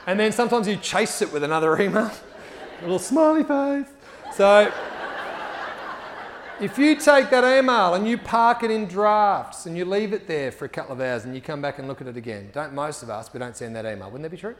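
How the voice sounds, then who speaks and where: A man's voice: high-pitched, expressive, a little fast, a little hiss or hum. A man gives a storytelling talk, acting out the people in his stories and laughing often as he goes. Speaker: speaker.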